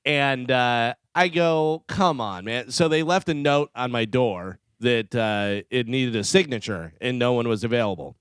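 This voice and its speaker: Man, radio co-host, smooth clear voice, dry studio sound, animated storyteller. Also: medium pitch, measured pace, few pauses, dry recording. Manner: animated storyteller acting out dialogue. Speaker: radio show co-host and news reader. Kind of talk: casual radio banter and storytelling. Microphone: studio microphone.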